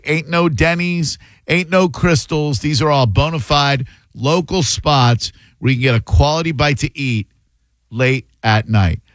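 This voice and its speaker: A man's voice: fairly high pitch, fairly bright tone, no room sound. Guy hosting talk radio, loose jokey rambling, dry booth sound. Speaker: radio show host. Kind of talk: casual talk radio chat. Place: radio studio. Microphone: studio mic.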